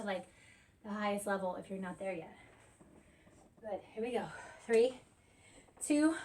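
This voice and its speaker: A woman in her thirties, a fitness instructor with a mid-range, slightly mellow voice, coaches a workout while doing it herself. She counts down reps and cheers between breaths, heard from a distance through a camera on a tripod.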